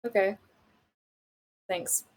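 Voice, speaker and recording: A woman playing in a remote tabletop game, giggly and chatty. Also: very slow. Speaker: player. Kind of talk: casual chat during a tabletop game.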